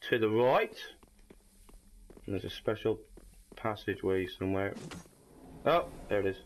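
A man's voice: lowish voice, animated, unhurried, slight background noise. Sweary man gaming. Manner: sweary, frustrated outbursts at the game. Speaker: gamer. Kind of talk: let's play commentary.

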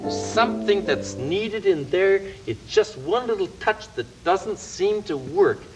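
A man's voice: sits high, expressive, unhurried, soft background music. A man voicing a scheming male puppet dragon who runs the show in a 1970s television puppet comedy, coaxing and stammering as he talks. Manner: flustered, coaxing, stammers and restarts. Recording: dull lo-fi broadcast tape.

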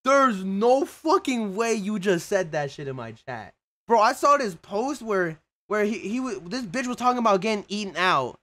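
A young man of Mexican heritage chatting profanely with his livestream viewers, excitable and prone to sudden shouts and laughter. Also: high voice, normal speed. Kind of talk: casual livestream chat with viewers.

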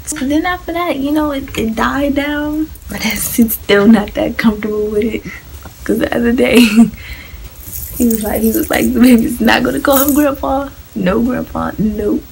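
A teenage girl telling her own story in a vlog, soft-spoken and emotional, often dropping to a near-whisper. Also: fairly high pitch, background noise. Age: teens. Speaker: vlogger.

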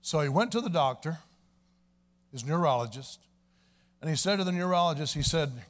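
Here is a man with a high-pitched voice preaching a revival sermon in church. He tells his story in a folksy, homespun way, then rises into fervent, shouting praise. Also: expressive, moderate pace. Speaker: evangelist preacher. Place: church service.

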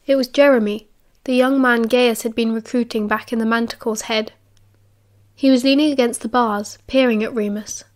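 A woman with a British accent narrating an audiobook in a steady, expressive reading. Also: on the high side. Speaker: audiobook reader.

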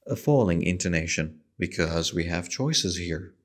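A man teaching an English lesson, explaining patiently and slowly with a strongly rising and falling voice. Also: low voice, animated.

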